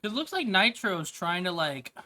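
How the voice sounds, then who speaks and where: A woman's voice: lowish voice, sing-song, normal speed, sharp tone. A woman streamer chatting casually to her viewers, offhand and rambling. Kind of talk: casual chat.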